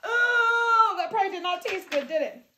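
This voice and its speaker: A woman's voice: very high-pitched, fast talker. A woman reading a picture book aloud to young children, playful, adding sound effects and prompting them to join in. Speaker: guest story reader. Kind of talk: animated read-aloud to children. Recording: echoey room.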